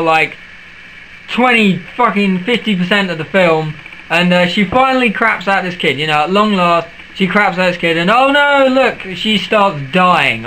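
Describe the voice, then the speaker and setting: A young man with a high, bright voice, ranting to camera in a profane, sarcastic vlog. He mocks everything he retells and swears constantly. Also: a little hiss or hum, poor audio. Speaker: vlogger. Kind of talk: ranting film rant vlog.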